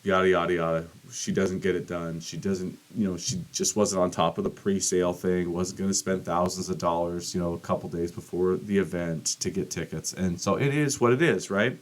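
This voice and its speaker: A middle-aged man hosting a podcast, telling a rambling, profane story and acting out quotes with big jumps in pitch. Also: fairly even intonation, moderate pace, few pauses. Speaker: podcast host. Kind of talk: casual monologue.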